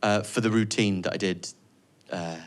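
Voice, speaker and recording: A man doing live stand-up on a stage mic, sardonic, swinging from loud mock-boastful ranting to quiet, reflective confession. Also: on the low side, fairly even intonation, normal speed. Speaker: stand-up comedian. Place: comedy venue stage with live audience.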